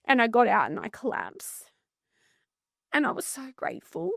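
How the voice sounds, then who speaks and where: A woman's voice: a little high, huge pitch swings, moderate pace, vocal fry, a bit bright, dry recording, studio quality. An Australian woman, a psychotherapist guest, telling a painful personal story in an earnest, intense and blunt way. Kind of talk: emotional personal story in podcast conversation.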